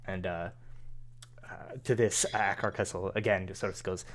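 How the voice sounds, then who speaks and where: A man's voice: sits low, steady tone, normal speed. A man narrating a tabletop game as game master, rambling with many fillers. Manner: rambling, full of fillers and hedges.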